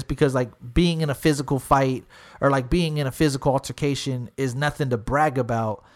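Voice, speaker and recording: A young man hosting a podcast, telling a story in a casual, rambling, profane way. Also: fairly high pitch. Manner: profane, rambling, repeats "I was like". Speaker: podcast host.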